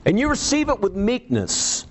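A man preaching a sermon, reading scripture aloud and stressing points with pauses and sudden rises in pitch. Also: wildly swooping pitch.

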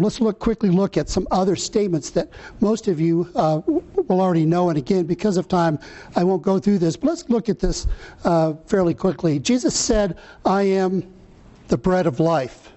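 High, mellow-voiced male preacher. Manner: earnest, slow scripture reading, fillers and restarts. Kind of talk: sermon.

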